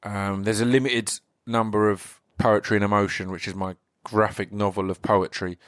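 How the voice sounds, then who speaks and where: A man with an English accent hosting a podcast, his voice slightly croaky, chatting casually in a rambling way with many restarts. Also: fairly low pitch, little pitch movement, normal speed, a bit bright, no echo, studio quality. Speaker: podcast host. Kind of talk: casual solo intro.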